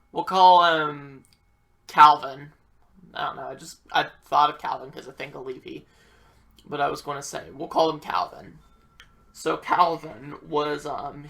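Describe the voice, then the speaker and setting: A man's voice: on the high side, creaky, pushed and bright. A young man telling a rambling, profane storytime about his school days and acting out what people said. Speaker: vlogger.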